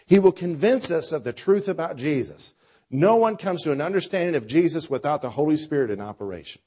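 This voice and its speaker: A man preaching a sermon with a conversational style, dropping to quiet lines and rising to loud, drawn-out phrases. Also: a little high, lively intonation, husky. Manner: preacher with a dynamic delivery, swinging between soft and loud. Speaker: pastor.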